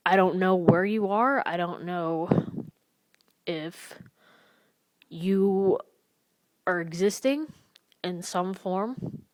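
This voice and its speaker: A young woman speaking in a personal confessional vlog, halting and emotional, recorded close in a dry room. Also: on the low side, no room sound. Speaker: vlogger.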